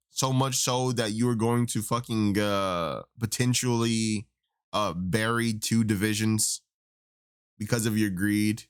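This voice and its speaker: A man's voice: fairly low pitch, smooth. A young man ranting about mixed martial arts in a casual, profane, exasperated way. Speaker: MMA commentator. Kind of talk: casual opinion rant.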